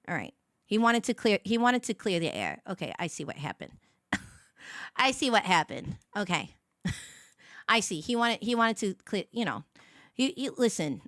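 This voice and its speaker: A woman's voice: mid-range voice, very animated, measured pace, pauses often, fairly bright tone, no echo, clean studio sound. A woman hosting a casual morning livestream, rambling and giggling as she chats with viewers and her dog. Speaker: livestream host.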